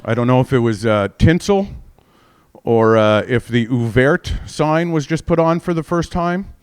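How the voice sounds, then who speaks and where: A man's voice: mid-range voice, expressive, a little slow, clear, resonant tone. A man in his forties doing a stand-up comedy set, rambling and profane, constantly mocking himself. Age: 40s.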